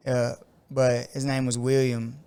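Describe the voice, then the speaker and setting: A man telling a long story in casual podcast chat, leaning on "like" and acting out the people in it with sudden loud outbursts. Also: medium pitch, monotone, measured pace, smooth. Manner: frequent "like" fillers. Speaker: podcast co-host.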